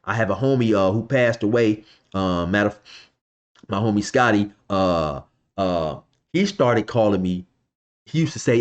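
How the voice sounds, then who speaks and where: A man's voice: fairly low pitch, expressive, moderate pace. A man casually telling a story from his past in loose slang, filling it with "you know" and "man.". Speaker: vlogger telling a street story.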